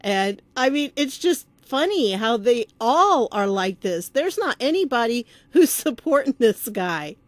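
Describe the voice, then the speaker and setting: A woman's voice: a little high, very animated, measured pace, few pauses, no room sound. A woman giving casual political commentary, chatty and sarcastic, laughing often as she reads documents aloud.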